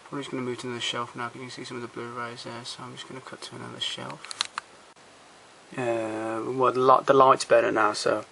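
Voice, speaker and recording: On a handheld camera, a man takes a loose, rambling walk through his home film collection, blunt and opinionated, swearing freely, trailing off between titles. His mid-range voice is flat, fast, pushed, and bright, with vocal fry. Slight background noise is present.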